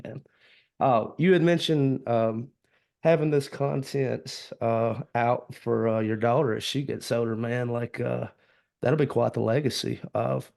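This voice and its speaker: A man's voice: medium pitch, vocal fry, darkish tone. A man hosting a casual podcast interview, laid-back and hesitant with many fillers. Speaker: podcast host.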